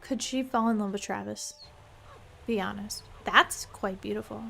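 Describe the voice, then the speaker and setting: A woman's voice: mid-range voice, steady tone, moderate pace, gravelly, pushed and bright, slight background noise. Chatty young woman streaming a game. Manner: chatty, playful, musing aloud. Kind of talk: live game stream chat.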